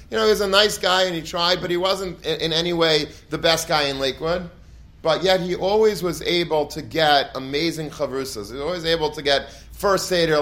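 An earnest man tells a Torah story with feeling, his voice sitting a touch high for a man. He restarts phrases often and weaves Hebrew and Yiddish terms into his English. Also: a bit bright. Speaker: Torah teacher.

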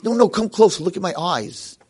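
A bitter blind old man in a high, strained voice. He screams and spits every line at the person beside him. The tone stays loud and angry. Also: expressive, a little fast, husky.

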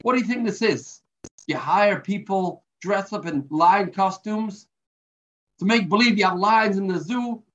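A man voicing a furious father who yells accusations at a zookeeper. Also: high-pitched, unhurried, pitched above the performer's own voice. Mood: outraged. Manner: shouting accusations. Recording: dull lo-fi recording.

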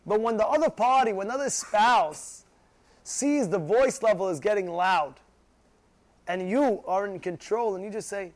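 Man, high voice, animated religious class talk, acts out voices, keeps checking in with listeners. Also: normal speed. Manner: animated, acts out shouting voices, asks "you know?" often. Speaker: rabbi teaching a class. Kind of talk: Torah class sermon.

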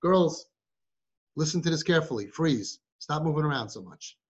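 A man's voice: a little high, animated, normal speed, slightly rough. Man questioning a young audience. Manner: rhetorical, fires questions at the audience. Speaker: parenting guide addressing siblings. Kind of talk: live talk to a group of girls. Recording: muffled recording.

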